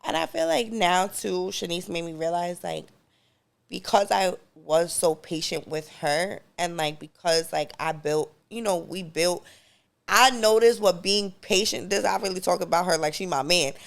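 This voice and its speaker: A woman's voice: on the low side, expressive, moderate pace, creaky. A woman co-hosting a podcast, telling stories in casual chat and breaking into laughter. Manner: storytelling, bursts into laughter. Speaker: podcast co-host.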